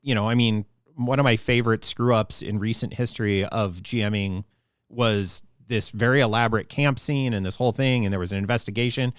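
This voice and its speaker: Chatty low-voiced man, dry close sound. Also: smooth, no echo. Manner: chatty, thinks aloud with restarts and asides. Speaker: podcast co-host. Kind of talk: casual podcast discussion.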